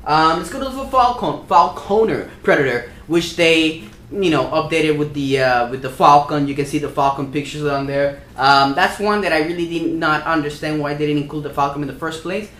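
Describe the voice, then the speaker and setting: A man's voice: a little high, moderate pace, a bit bright. A man hosting a toy vlog, ranting in a casual, profane and exasperated way. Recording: roomy echo.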